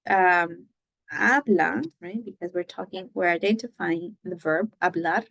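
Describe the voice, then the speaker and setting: A woman's voice: fairly low pitch, a little slow, gravelly, fairly bright tone, no echo, poor audio. A woman teaching a Spanish lesson, explaining patiently step by step and moving between English and Spanish. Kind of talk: recorded classroom lesson.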